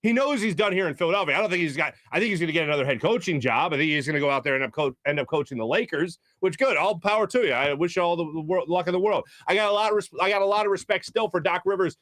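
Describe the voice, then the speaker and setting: A sports talk host with a high voice delivers a heated, exasperated rant. He keeps slipping into mocking imitations of other people. The sound is dry and close, with no room around it. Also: rapid-fire, few pauses, fairly bright tone, no room sound.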